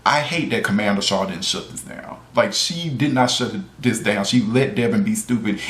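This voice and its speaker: A man giving a casual, ranting video review, incredulous and exasperated, repeating himself, cursing and laughing. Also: fairly low pitch. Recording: roomy echo.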